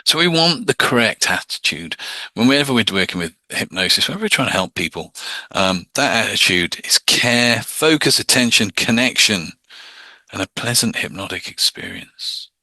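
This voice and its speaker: A man's voice: lowish voice, animated, moderate pace, sharp tone, no echo. A man teaching hypnosis in a casual, plain-spoken lecture, often slipping into mock voices to show a point.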